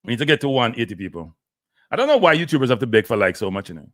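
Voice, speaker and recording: A man's voice: medium pitch, sing-song, racing, no room sound, clean studio sound. A Jamaican man hosting a live stream, annoyed and pleading with his viewers. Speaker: live show host.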